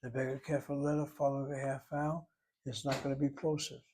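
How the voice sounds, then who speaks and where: A man's voice: medium pitch, little pitch movement, fairly quick, a little mellow, a little hiss or hum. A man teaching a Hebrew grammar lesson, explaining each word methodically letter by letter.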